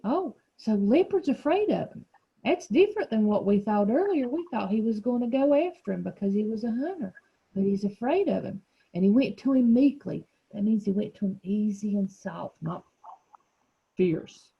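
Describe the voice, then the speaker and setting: A woman's voice: medium pitch, expressive, moderate pace, creaky, husky, highs cut off. A woman teacher leading a reading lesson for young children, explaining patiently and encouraging them.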